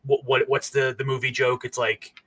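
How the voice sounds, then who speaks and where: A man's voice: mid-range voice, flat delivery, normal speed, pushed and bright. A man playing a tabletop game, chatting casually, rambling and joking with lots of "like". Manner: rambling, joking, many likes. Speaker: player.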